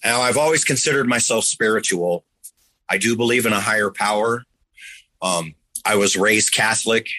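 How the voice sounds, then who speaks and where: A man's voice: lowish voice, normal speed, pushed and bright, poor audio. A man earnestly telling a personal story in a rambling, conversational way, now and then making sound effects.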